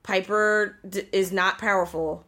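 A woman's voice: mid-range voice, fairly even intonation, a little slow, pushed and bright. A woman co-hosting a casual podcast, ranting animatedly and swearing freely. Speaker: podcast co-host.

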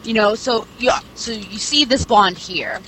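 A young woman casually retells the plot of a series, full of fillers and asides and swearing freely. Her voice is a little high, bright and forceful, at a measured pace. The rough recording has clear background noise.

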